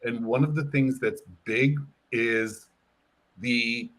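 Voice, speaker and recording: A man speaks slowly in a mid-range voice as a hair care brand educator. In an animated interview, he explains and demonstrates a product, acting out fragments of client dialogue.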